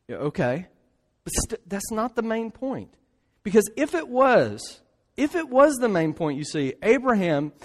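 A man preaching a sermon in an emphatic way, often tossing in rhetorical asides. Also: high-pitched. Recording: long hall reverb.

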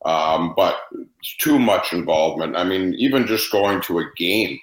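A man's voice: sits low, measured pace, echoey room, poor audio. A man who coaches hockey, answering interview questions with passionate, emphatic opinions.

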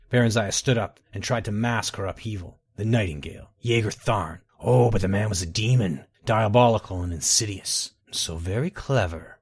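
A man narrating a fantasy audiobook in a measured, dramatic way, with solemn repetitions. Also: fairly low pitch, husky.

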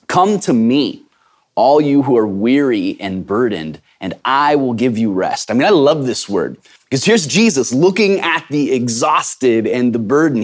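A middle-aged male pastor preaching a sermon in a conversational, emphatic way, with frequent fillers and restarts. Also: medium pitch.

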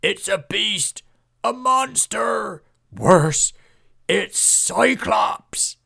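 Storybook crowd voice: shrill, frantic, fleeing villagers, put on by a male narrator. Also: animated, very slow, gravelly, sharp tone, breathy edge, full character voice. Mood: panicked. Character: panicked village folk, shrieking men.

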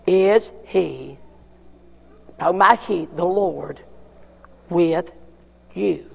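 Preacher guy, high gravelly voice, slow and emphatic, church hall echo. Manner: emphatic, repeats questions with long pauses. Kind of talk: sermon.

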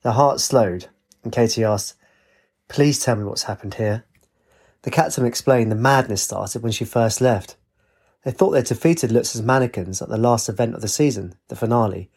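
A man narrating a storybook in a steady, expressive reading voice. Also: mid-range voice, normal speed, breathy edge.

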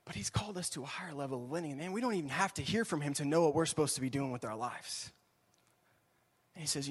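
A high-voiced young man preaching a relaxed, chatty sermon to his congregation. He talks like a youth pastor, with a lot of "y'all" and "right?", and his voice rings out with a long reverb from the hall around him. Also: fast, husky. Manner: chatty, animated, says "y'all" and "right?" often. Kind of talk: casual sermon.

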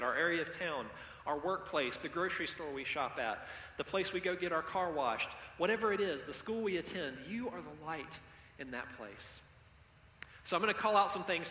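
Bright-voiced pastor preaching in an echoey hall. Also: male voice, on the high side, slight background noise. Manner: interactive, calls on the congregation. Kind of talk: sermon. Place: church sanctuary. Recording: echoey hall with long reverb.

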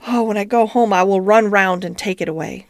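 Anxious genteel female dog from a storybook, read by a woman, mid-pitched, close and dry. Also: brisk, no echo, close to an everyday voice. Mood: fretful. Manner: worried, fussy storytelling voice.

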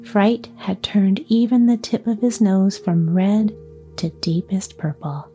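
A woman reading a children's story aloud as a storyteller, with calm, measured narration. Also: mid-range voice, soft background music.

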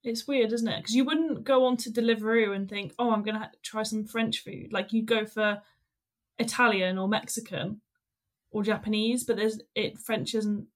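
A young woman co-hosts a casual chat, easygoing and quick to joke. Her voice sits at a middle pitch. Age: young adult. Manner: relaxed, joking, conversational. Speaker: podcast co-host.

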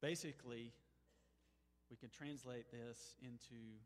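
A man preaching a sermon as a pastor, moving between emphatic, rising exclamations and quiet, pleading passages. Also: mid-range voice, moderate pace, big-room sound. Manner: emphatic, swings from soaring exclamations to hushed pleading.

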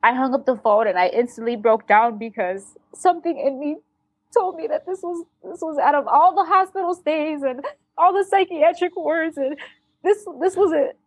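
A woman speaking as a podcast guest, telling a painful family story in a candid, blunt way, with halting restarts and some swearing. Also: high voice, no room sound. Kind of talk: emotional personal storytelling.

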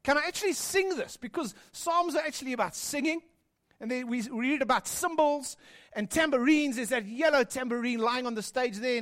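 High-voiced pastor preaching. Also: male voice. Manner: lively storytelling, swings between loud and hushed. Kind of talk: sermon.

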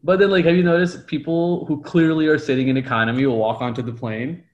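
A man's voice: fairly high pitch, steady tone, quick pace, dull audio. A man co-hosting a podcast in casual chat, joking and laughing often; English is not his first language. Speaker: podcast co-host.

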